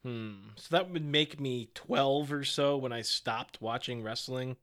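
A man co-hosting a podcast in casual chat, teasing his partner and quick to laugh. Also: medium pitch, fairly bright tone. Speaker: podcast co-host.

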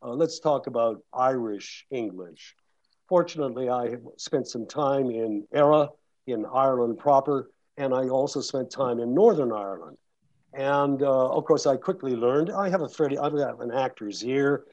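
Mellow-voiced man, dull lo-fi recording. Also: medium pitch, moderate pace. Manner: rambling, with many restarts and fillers. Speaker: audiobook narrator and guest speaker. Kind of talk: casual talk to an audience.

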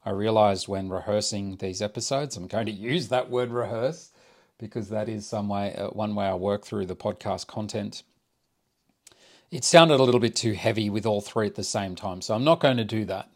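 A middle-aged man, an architect hosting a solo podcast and talking in a measured, reflective way as he thinks aloud into a close microphone. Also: lowish voice. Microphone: close desk microphone.

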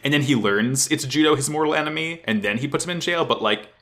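A man co-hosting a casual anime recap podcast, talking in an animated way, swearing freely and laughing often. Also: on the high side, quick pace. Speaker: podcast co-host.

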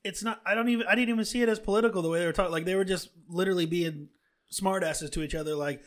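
A man chatting casually on a podcast, relaxed and bantering. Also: high-pitched, racing. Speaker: podcast co-host. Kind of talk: casual chat.

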